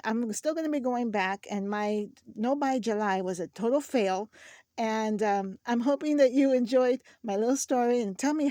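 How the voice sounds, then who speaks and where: This craft-channel host talks through her shopping haul in a relaxed, storytelling way, frequently starting over mid-thought. She has a fairly high, dark-toned voice, captured cleanly in a studio with no room sound.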